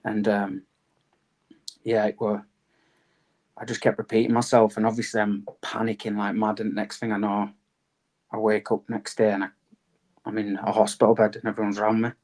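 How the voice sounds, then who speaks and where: A man tells things in a matter-of-fact way. His voice stays flat and even in pitch. He talks like a podcast guest answering questions. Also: normal speed, pauses often. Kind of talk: interview answers.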